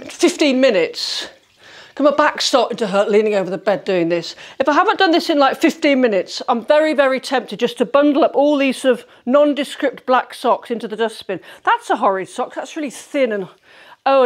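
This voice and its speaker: A middle-aged woman talks her way through a declutter vlog in her bedroom, her voice high and full of swooping ups and downs. She is chatty and exclamatory, and she pokes fun at herself as she goes. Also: animated, brisk. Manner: chatty, exclamatory, self-mocking. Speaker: home organising vlogger. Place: bedroom, sorting socks on a bed.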